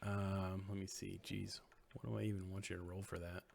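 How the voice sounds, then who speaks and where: A man running a tabletop game as game master, animated and laughing often while he rules on the players' rolls. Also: deep voice, moderate pace, creaky. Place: home streaming setup.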